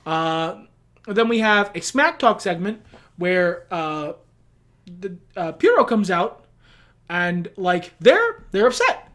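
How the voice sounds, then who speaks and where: A man's voice: high-pitched, slow pace. A young man co-hosting a casual comedic chat who recaps a wrestling booking game, laughing often and swearing freely. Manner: animated, swearing, laughs often, acts out quotes.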